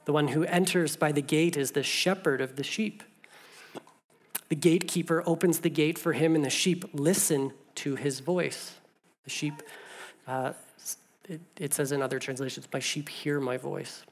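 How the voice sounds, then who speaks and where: A pastor delivering a sermon, reading scripture aloud, then slowing down to repeat a refrain for emphasis between casual, stumbling asides. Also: mid-range voice, steady tone. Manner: conversational asides with stumbles and restarts.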